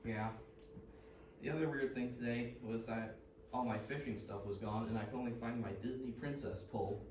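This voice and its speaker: A man's voice: medium pitch, steady tone, normal speed, close to an everyday voice. An actor playing Mike, a chatty middle-aged fisherman who tells jokes and fish trivia in a comedy skit. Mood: folksy. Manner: folksy, joke-telling, full of trivia. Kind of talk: scripted comedic dialogue. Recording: roomy, distant, noisy stage recording.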